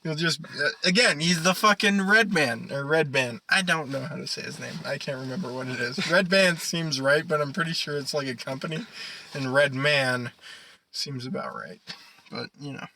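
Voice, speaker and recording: A man's voice: a little high, normal speed, vocal fry, bright, forceful tone, a little hiss or hum, poor audio. A young man co-hosting a casual podcast, rambling and swearing, laughing often. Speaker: podcast co-host. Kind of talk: casual chat.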